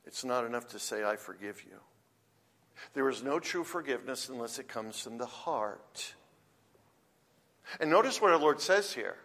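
A middle-aged man preaching a sermon, pressing his points hard and then dropping to hushed, low endings. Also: animated, normal speed. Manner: emphatic, swings from loud stress to hushed low endings. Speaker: pastor.

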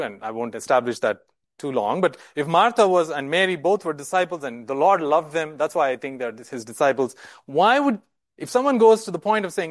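A man's voice: on the high side, no room sound. A male preacher giving a sermon in an emphatic way, often repeating words and asking rhetorical questions.

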